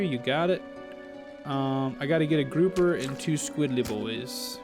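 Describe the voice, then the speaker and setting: A man giving animated let's-play commentary, reading game text aloud and exclaiming as he plays. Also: medium pitch, a little slow. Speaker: gaming channel host. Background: game music.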